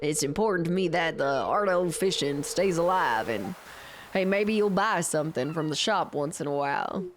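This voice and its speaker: A woman reading out a folksy old male fisherman from a video game in a lowered voice with a put-on rustic accent. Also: lively intonation, normal speed, slight background noise.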